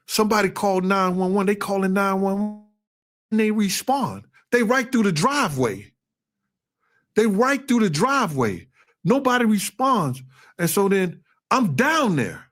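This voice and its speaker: High-pitched man, animated storyteller in a casual interview, bursts into shouted quotes. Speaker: interview guest.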